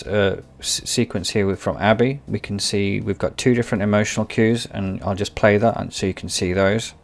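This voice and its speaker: This is tutorial commentary on an AI video tool, delivered off the cuff by a man whose voice is fairly low. He tends to wander, loop back and say things twice as he gropes for the right word, keeping it all relaxed and unscripted.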